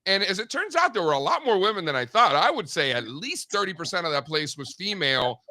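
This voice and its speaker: A man trades animated stories on a studio talk show, full of casual slang and quick asides. His voice is bright and forceful and swings up and down a lot. The sound is dry and close. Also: sits high, dry recording. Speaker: show regular. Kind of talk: casual chat.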